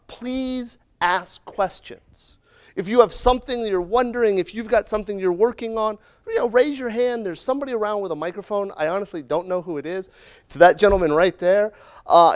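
Middle-aged guy doing a jokey conference talk, kinda high voice, keeps saying right?. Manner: joking, conversational, often adds "right?". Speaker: conference speaker. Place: conference room.

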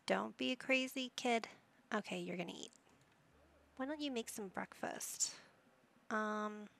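A woman's voice: mid-range voice, a little slow, creaky, a bit bright. A woman giving casual commentary while playing a life-simulation game, chatting to the characters and reading options aloud. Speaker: gaming YouTuber.

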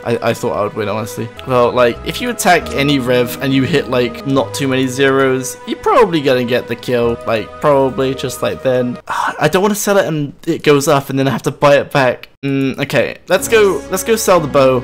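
Excitable man commentating his game. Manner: excitable, quick swings into high-pitched outbursts; playful, laughs at his own misfortune. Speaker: gaming channel host. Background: game background music.

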